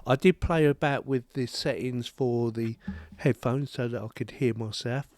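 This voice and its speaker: A man's voice: mid-range voice, normal speed, darkish tone, dry recording. A man with a British accent giving a chatty, rambling home review of a desk microphone. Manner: chatty, rambling, self-deprecating. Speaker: tech reviewer. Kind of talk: casual product review. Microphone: desk microphone on boom arm.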